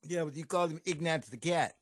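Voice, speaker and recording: A man's voice: fairly high pitch, quick pace, dry recording, clean studio sound. A man co-hosting a casual podcast, bantering and teasing his partner. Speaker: podcast co-host.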